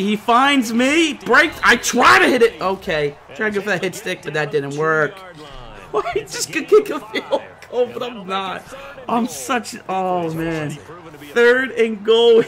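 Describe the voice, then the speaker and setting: A young man giving excited, animated commentary over his own football video game, shouting and laughing at the big plays. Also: high-pitched. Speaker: gaming YouTuber.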